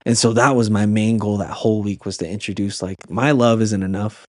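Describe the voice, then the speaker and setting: A man's voice: on the low side, steady tone, brisk, a little mellow, dry recording, clean studio sound. A man on a podcast as a guest and youth camp leader, telling a personal story in an earnest way, with many restarts and fillers.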